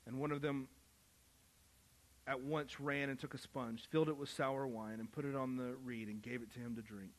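A man preaching a sermon, moving from quiet Bible reading to loud, impassioned calls. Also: medium pitch, flat delivery, moderate pace. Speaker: pastor.

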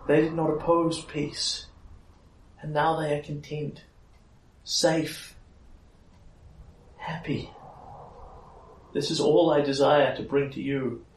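A man's voice: a little high, flat delivery, takes it slowly, long pauses, a little hiss or hum, voice pushed up. A man voicing a sorrowful, regal fae queen who speaks solemnly and pleads. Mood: sorrowful, pleading. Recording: echoey room, mic at a distance.

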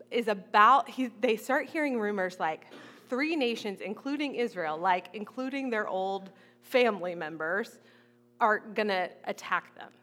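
A woman's voice: mid-range voice, pushed and bright. A woman preaching a conversational sermon, retelling a Bible story casually and playing out its figures in everyday speech.

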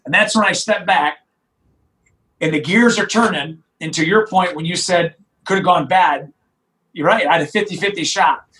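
A middle-aged man, a sheriff recounting a tense moment in an interview. His voice sits high for a man, and he talks with insistent emphasis, often doubling back on his own words. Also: normal speed, rough recording. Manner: emphatic, animated retelling with restarts. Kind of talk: interview storytelling.

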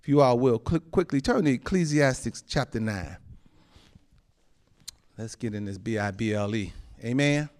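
An expressive male pastor preaches at normal speed, leaving long pauses. He often says amen and chuckles, shifting between soft, low asides and loud, high outbursts.

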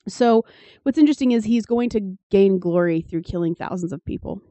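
Podcast co-host, female, dry irreverent reader with a mellow, dark voice, recorded close and dry. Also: medium pitch, a little fast, no room sound. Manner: sardonic, swears freely, reads passages aloud with commentary. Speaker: podcast co-host reading scripture. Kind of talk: casual irreverent chat.

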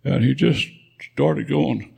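A man's voice: medium pitch, takes it slowly, creaky, darkish tone, breathy edge. A man in his nineties, a veteran guest, telling rambling war memories with frequent chuckles at a live event. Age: 90s. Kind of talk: spoken war memoir.

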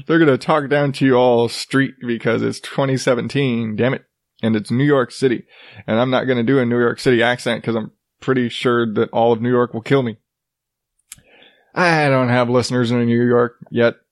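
A man's voice: mid-range voice, steady tone, moderate pace, dry recording, studio quality. Profane, sarcastic man riffing on the news. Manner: profane, sarcastic, laughs often. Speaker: podcast host. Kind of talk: casual comedic news commentary.

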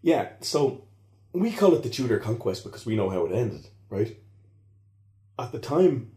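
A man's voice: medium pitch, very animated, moderate pace, dark tone, roomy sound. A man explaining history in conversation, rambling and correcting himself as he goes. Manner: rambling, self-correcting, digressive. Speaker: historian guest.

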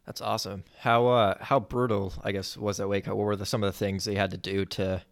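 A man hosting an interview, asking questions in a relaxed, friendly way with a few small fillers. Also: on the low side, a little fast, vocal fry. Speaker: interviewer, host.

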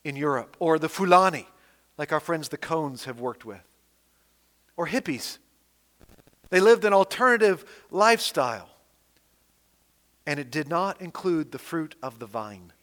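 A man preaching a sermon in an animated, emphatic way, reading scripture aloud with rising and falling emphasis. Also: on the high side, moderate pace, long pauses. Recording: long hall reverb.

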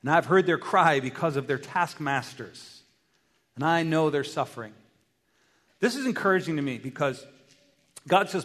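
A man preaching a sermon as pastor, animated, acting out dialogue and asking his listeners rhetorical questions. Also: on the high side, brisk. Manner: animated, acts out dialogue with God in varied voices; asks the congregation rhetorical questions. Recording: long hall reverb.

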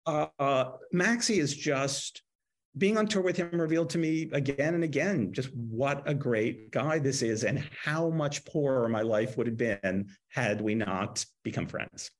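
A man in his sixties, an author interviewed as a guest, telling lively anecdotes and acting out quotes with laughs. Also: mid-range voice, measured pace. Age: 60s. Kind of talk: casual interview storytelling.

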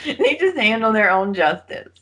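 A woman's voice: medium pitch, big pitch swings, moderate pace, a bit bright, husky. A woman hosting a podcast, casually recapping soap opera episodes and acting out the characters' lines as she tells the story. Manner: chatty storyteller who acts out characters' lines. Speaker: podcast host.

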